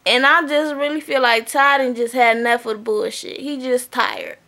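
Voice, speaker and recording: High bright-voiced woman, blunt and chatty. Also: fairly even intonation, normal speed. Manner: blunt, profane, chatty, often asks "okay?". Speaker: vlogger recapping a reality TV episode. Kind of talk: casual recap chat.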